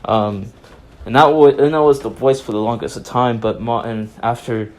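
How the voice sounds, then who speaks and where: A man's voice: mid-range voice, fairly even intonation, normal speed. A man making a video, recapping in a casual, rambling way and correcting himself as he goes. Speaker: video maker summarizing.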